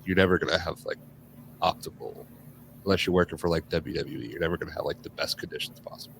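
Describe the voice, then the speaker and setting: Low-voiced male podcast host. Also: fairly even intonation, fast talker, creaky, a bit bright, a little hiss or hum. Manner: loose, filler-heavy, frequent "like". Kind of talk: casual interview chat.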